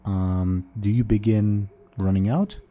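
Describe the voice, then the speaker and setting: Slow, low-voiced male game master. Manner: relaxed, with many fillers. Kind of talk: narrating a tabletop role-play game.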